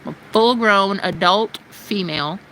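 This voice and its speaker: A woman's voice: medium pitch, a little slow, a bit bright, slight background noise, low-quality recording. A woman live streaming, talking casually and ranting in a brash, sarcastic way full of profanity.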